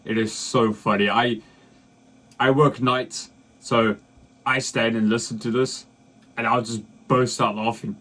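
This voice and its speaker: A man's voice: mid-range voice, little pitch movement, unhurried, long pauses, a bit bright. A South African man hosting a reaction video, chatting casually and laughing along with a comedy clip. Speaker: reaction channel host.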